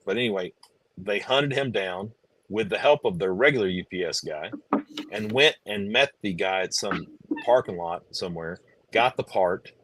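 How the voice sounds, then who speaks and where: A man chatting casually on a live stream, telling a story in halting, rambling bits with many restarts. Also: sits low, a bit bright. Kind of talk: casual chat.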